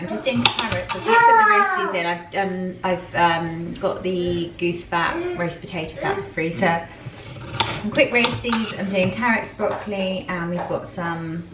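Mum vlogger from southern England, slow easy chat with bouncy pitch, loud background noise. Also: female voice. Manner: chatty, talks to pets and kids in a high cooing voice. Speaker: family vlogger. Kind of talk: casual vlog chat.

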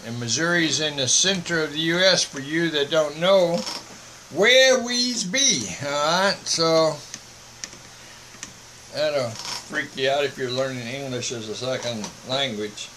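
A man's voice: a little high, sharp tone, a little hiss or hum, low-quality recording. A man, a missionary broadcasting a casual monologue from home and checking in with "all right?". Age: 70s. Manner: slow, folksy, repeats "all right?".

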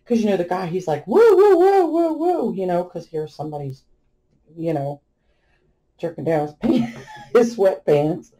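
A woman's voice: low-pitched, normal speed, long pauses. A middle-aged woman vlogging while she crafts, chatting through a funny family story with frequent laughter. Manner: chatty storyteller, laughs often, animated retelling. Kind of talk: casual anecdote while crafting.

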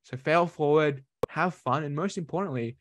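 A man giving an energetic motivational talk to an audience on networking, changing his voice for emphasis. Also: fairly high pitch, moderate pace, dry recording, studio quality. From Australia. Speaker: workshop speaker.

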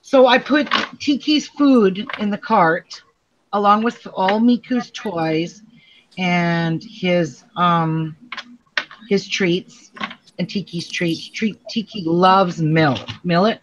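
Woman, middle-aged, crafting tutorial host, chatty and laughing, unhurried speech, dull lo-fi sound. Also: on the low side. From Canada. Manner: chatty, laughs often while telling stories. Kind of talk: casual craft tutorial chat. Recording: dull lo-fi recording with faint noise.

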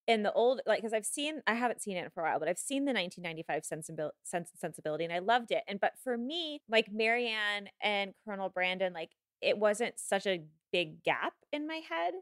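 A woman's voice: medium pitch, a little fast, hardly any pauses, no room sound, studio quality. A woman guest on a podcast, chatting casually and animatedly in a jokey way. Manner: animated, jokey, laughs between remarks. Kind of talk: casual chat.

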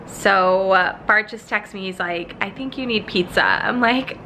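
A woman's voice: medium pitch, unhurried, slight background noise. Chatty young woman vlogging. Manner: chatty, animated storytelling. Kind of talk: casual vlog chat. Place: home apartment.

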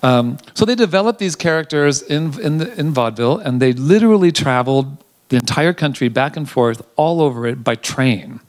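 A man's voice: a little high, normal speed. Chatty man telling theater history. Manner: animated storytelling, chatty with frequent ums. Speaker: theater director. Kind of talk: behind-the-scenes interview.

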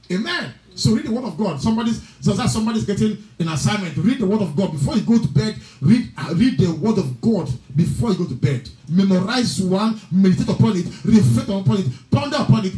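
A man with a very high voice delivers a sermon in a fervent, chanting style, now praying in tongues, now declaring blessings. He sounds like he is in an echoey room, with music playing softly behind him. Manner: speaks in tongues between prayers. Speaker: preacher. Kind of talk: sermon and prayer. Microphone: livestream.

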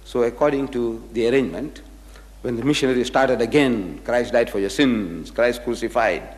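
In an echoey hall, a man of medium pitch lectures at a moderate pace, telling anecdotes and animatedly playing out the dialogue he quotes.

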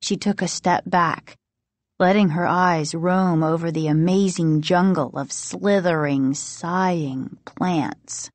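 A woman narrating a children's horror novel in a slow, suspenseful reading. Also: fairly low pitch, a little mellow, no room sound. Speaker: audiobook narrator. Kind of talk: storybook narration.

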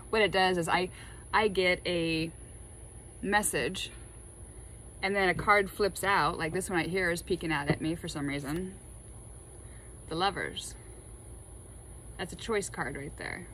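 A woman with a somewhat low voice talks casually as she lays out tarot cards. She is chatty and excitable, drifting into spiritual musings. A faint background noise sits under her voice. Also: low-quality recording. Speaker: tarot reader. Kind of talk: casual chat while laying tarot cards.

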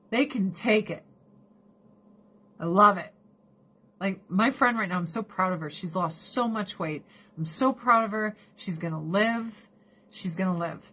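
A woman's voice: medium pitch, a bit bright, husky. A woman in her forties ranting casually, profane and exasperated, laughing often. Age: 40s. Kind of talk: casual rant.

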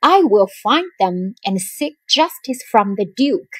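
A woman's voice: mid-range voice, very animated, slow, slightly rough, no echo, exaggerated voice. A woman voicing an angry, hateful old father in a storybook reading, wailing and howling. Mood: outraged.

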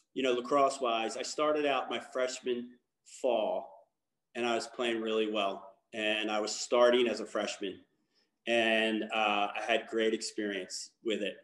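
A man's voice: mid-range voice, a little slow, echoey room. A man from Baltimore giving a candid personal testimony as a guest speaker, talking in a rambling way with many fillers and restarts. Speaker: guest speaker, lacrosse coach.

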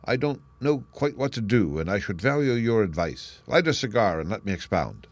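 A man voicing a confident male detective in an audiobook, crisp and brisk, pitching his voice up and speaking louder for the role. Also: sing-song, no echo. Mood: explaining. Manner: brisk, crisp, declaiming deductions. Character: sharp, confident male detective, lively and assured. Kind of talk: audiobook character reading.

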